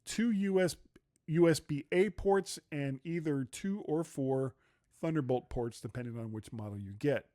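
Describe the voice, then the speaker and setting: A chatty man co-hosts a casual tech podcast, his voice sitting a little higher than most men's. He laughs easily, tells quick stories and reads the show notes aloud. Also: warm tone. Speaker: podcast co-host.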